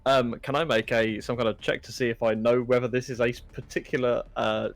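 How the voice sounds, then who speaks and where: A man's voice: medium pitch, level tone, a little fast, vocal fry, soft background music. Man casually playing a tabletop game. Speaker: player.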